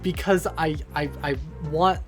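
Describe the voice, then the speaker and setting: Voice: mid-range voice, fairly even intonation, measured pace, faint music behind. A streamer chatting casually with a live audience, goofy and rambling, with lots of fillers. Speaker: streamer answering chat. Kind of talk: casual livestream chat.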